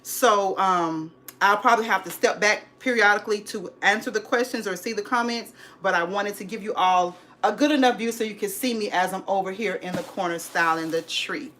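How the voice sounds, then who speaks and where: A woman from California chats on her home decor livestream, indoors at home, in a brisk mid-range voice with a sharp tone and few pauses. Bubbly and hyped, she greets viewers as sis and honey.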